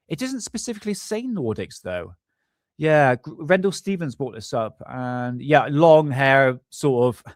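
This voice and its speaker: A man's voice: mid-range voice, no room sound. Male streamer, mid-range voice, rambling chatty delivery with chuckles, dry close sound. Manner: rambling, chuckling, stumbles over words. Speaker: livestream host. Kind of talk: casual live-stream commentary.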